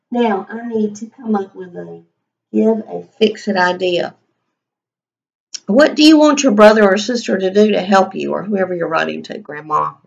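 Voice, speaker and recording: A woman teacher with a low, gravelly edge to her voice leads a writing lesson for small children. She speaks slowly and patiently, sounding out each word bit by bit. She keeps asking the class simple questions as she writes. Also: lo-fi sound. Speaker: kindergarten teacher.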